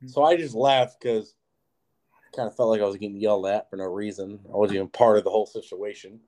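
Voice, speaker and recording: A man's voice: on the low side, fast. A young man co-hosting a podcast, telling a story in casual, profane chat full of "like". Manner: animated, profane storytelling with lots of "like". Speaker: podcast co-host.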